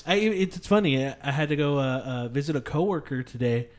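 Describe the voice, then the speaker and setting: A young man with a slightly high voice chats casually on a podcast. He tells stories full of swearing and acts out what other people said. The delivery is loose and animated. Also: quick pace. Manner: profane storytelling with animated quoted voices. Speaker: podcast co-host. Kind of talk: casual chat.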